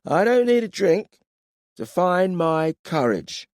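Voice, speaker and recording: A man voicing a drunk, lovestruck young male warrior who talks in a slow, earnest drawl. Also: medium pitch, huge pitch swings, a little mellow, no room sound, clean studio sound, voice pushed up.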